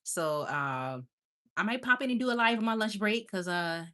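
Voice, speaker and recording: A woman's voice: mid-range voice, very animated, normal speed, a bit bright. A woman hosting a casual livestream, chatty and affectionate, laughing often. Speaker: livestream host.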